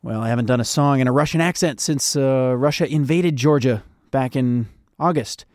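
A man's voice: mid-range voice, normal speed, a little mellow, no echo. A man hosting a radio show and podcast, chatting casually with easygoing, self-deprecating humor. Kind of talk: casual public-radio interview.

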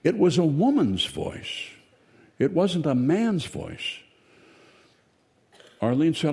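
Slow, wry older male storyteller. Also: a little high, sing-song, darkish tone. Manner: slow, rambling, self-correcting, wry. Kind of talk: spoken storytelling monologue. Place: outdoors in sunshine.

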